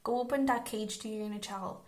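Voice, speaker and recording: A woman's voice: mid-range voice, steady tone, a little fast. A young woman giving a casual pick-a-card tarot reading, earnest and reassuring, often checking in with "okay?". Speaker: tarot reader.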